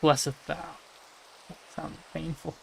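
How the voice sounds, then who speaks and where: A man's voice: fairly high pitch, level tone, slow pace, gravelly, fairly bright tone, a little hiss or hum. A man from the United States, talking casually on a game livestream and musing as he answers chat messages. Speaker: game streamer.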